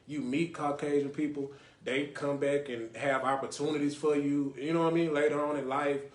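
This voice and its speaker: A man hosts a laid-back podcast, talking in loose runs that keep circling back to "you know what I mean". His voice sits a little high for a man, and it bounces around an echoey room. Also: flat delivery, moderate pace. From Lake Highlands, North Dallas, Texas. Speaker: podcast host. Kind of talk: casual podcast talk with call-ins.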